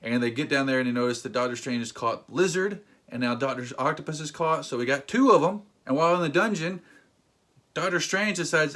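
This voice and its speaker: A man's voice: on the high side, a little fast, a bit bright. A man reviewing a film in a ranting commentary, incredulous and emphatic, with sudden exasperated outbursts. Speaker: movie reviewer.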